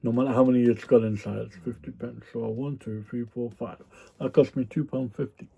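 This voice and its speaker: A man's voice: mid-range voice, steady tone, fairly quick, vocal fry, slightly rough, dull audio. A man talking casually to his viewers about items he resells, rambling with frequent ums and the odd yawn. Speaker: reseller vlogger. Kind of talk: casual chat.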